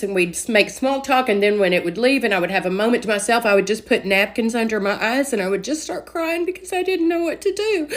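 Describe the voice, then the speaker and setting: A woman giving an earnest, emotional personal faith testimony, full of "like" fillers. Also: on the high side.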